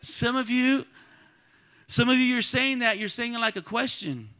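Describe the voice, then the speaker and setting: A man preaching in a church with a high voice. He calls out to the congregation and swings from quiet, close talk to ringing shouts. His tone is bright and cutting. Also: normal speed, smooth. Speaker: pastor. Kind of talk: sermon. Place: church sanctuary.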